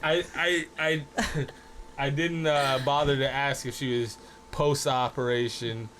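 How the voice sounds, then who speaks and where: A man's voice: mid-range voice, flat delivery, a little slow, fairly bright tone, slight background noise. A man co-hosting a podcast, chatting crudely and casually, often stammering through restarts. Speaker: podcast co-host.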